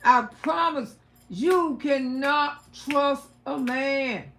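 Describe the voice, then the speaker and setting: Woman, high pitch, bright tone, loud casual storytelling, laughing. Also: drawn-out words, slight background noise. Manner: loud, animated, laughing, profane advice to women. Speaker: livestream host.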